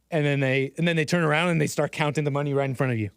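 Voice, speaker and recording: A man's voice: a little high, fairly even intonation, rapid-fire, few pauses, dry recording, studio quality. A man hosting a casual commentary stream, rambling with frequent restarts and laughing at his own asides. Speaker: host.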